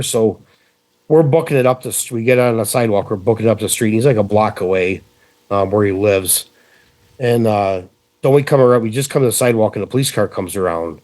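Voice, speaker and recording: Swearing freely, a middle-aged man from central New York animatedly recounts a story as a guest on a podcast. He speaks a little fast in a lowish voice, captured in a dry recording.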